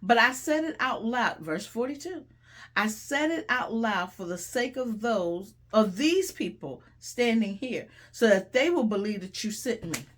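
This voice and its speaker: A middle-aged woman with a slightly raised voice delivers Bible teaching as a host. She talks in an animated, conversational way, drops folksy asides and repeats phrases for emphasis. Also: fairly high pitch, a little slow. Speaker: host and preacher. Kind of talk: sermon-style Bible teaching.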